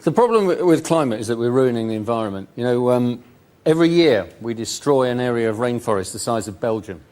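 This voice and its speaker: A man doing a dry, measured stand-up bit on a comedy panel show. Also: medium pitch, lively intonation, a little mellow. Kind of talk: deadpan stand-up set piece. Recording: noisy studio recording.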